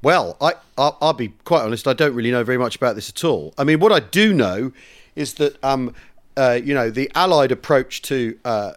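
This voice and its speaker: A man's voice: medium pitch, fairly quick. A man co-hosting a podcast, telling stories with comic relish in a casual history chat. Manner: animated storyteller, reads aloud with comic relish. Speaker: podcast co-host.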